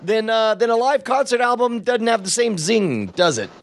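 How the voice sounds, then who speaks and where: A man's voice: very high-pitched, moderate pace, gravelly. A man co-hosting a comedy podcast in casual chat, laughing often and restarting his sentences. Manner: animated, laughs often, self-interrupting. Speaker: podcast co-host.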